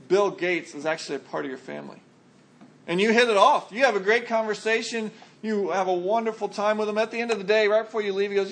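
A man's voice: high-pitched, fairly bright tone. A man preaching a sermon earnestly, acting out the voices of imagined people in his stories. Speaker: pastor.

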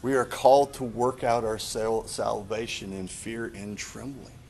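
A man with a lowish voice preaches in an earnest, confessional way, stumbling and restarting as he works through his thoughts. A faint low rumble runs under the recording. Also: unhurried, darkish tone. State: choked up. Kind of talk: sermon.

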